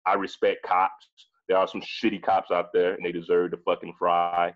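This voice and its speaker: A man's voice: deep voice, completely flat delivery, moderate pace, highs cut off, faint music behind. A man in his forties, a guest in a casual discussion, talking emphatically with frequent profanity and repeating phrases as he thinks aloud. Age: 40s.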